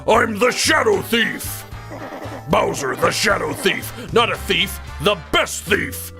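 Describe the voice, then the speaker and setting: A man voicing a blustering male turtle king villain in a video game, with loud bragging shouts. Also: high-pitched, expressive, takes it slowly, over music.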